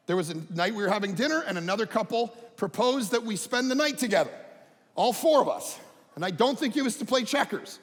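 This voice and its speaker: Animated male pastor preaching in a hall. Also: creaky. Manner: animated, swings between loud emphatic bursts and low quiet asides. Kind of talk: sermon. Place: church sanctuary. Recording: church hall reverb.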